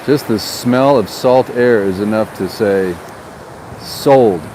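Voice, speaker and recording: A man's voice: fairly low pitch, unhurried. A man, a real estate agent, talking in a chatty, rambling way while vlogging outdoors by the ocean on a handheld camera. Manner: rambling, chatty, repeats words. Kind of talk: casual vlog. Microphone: handheld camera on a gimbal. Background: ocean waves and wind.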